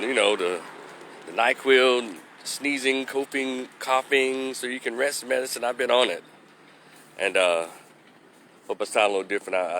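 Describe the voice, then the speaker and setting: A man's voice: on the low side, pushed and bright, slight background noise. A man doing a casual live vlog outdoors, talking into a phone while getting over a cold, rambling and losing his train of thought. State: recovering from a cold, slightly stuffy. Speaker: vlogger giving opinions. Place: outdoors walking past a construction site.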